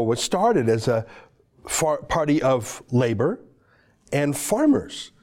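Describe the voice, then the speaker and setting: A man's voice: medium pitch, a little mellow. A man delivering a political commentary monologue in a sarcastic, mocking way.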